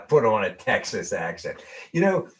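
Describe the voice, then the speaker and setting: A middle-aged man from Western Pennsylvania hosts a casual live car show. His voice sits a bit low, and he chats easily, laughs a lot and restarts his sentences. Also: slow. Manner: relaxed, laughs often, repeats words when starting. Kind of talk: casual chat.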